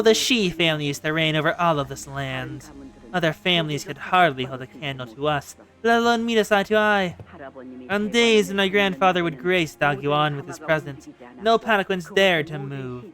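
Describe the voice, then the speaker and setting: A streamer voicing a cruel, proud old grandmother, speaking in a slow, stately, coldly calm way while reading a game's story aloud. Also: medium pitch, close to an everyday voice.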